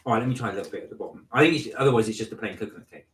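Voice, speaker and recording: A man with a fairly low voice co-hosts a casual live-stream vlog, talking very fast as he reads comments and tells stories. He's chatty and rambling, laughing and retelling anecdotes. He sits far from the mic in an echoey room.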